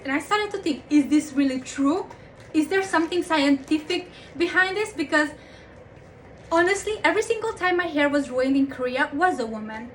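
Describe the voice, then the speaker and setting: A young woman with a high voice rants to camera in a casual vlog. She sounds frustrated and swears freely. A faint hiss sits behind her. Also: fairly bright tone. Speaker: vlogger.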